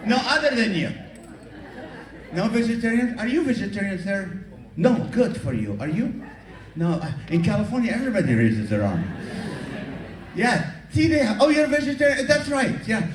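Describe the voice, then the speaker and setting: A man's voice: high-pitched, moderate pace, long pauses. A man performing a stand-up comedy set, acting out characters and chatting with the crowd. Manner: animated, acts out characters and crowd work. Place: comedy show venue with audience. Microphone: far camera recording from audience. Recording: echoey hall from far off.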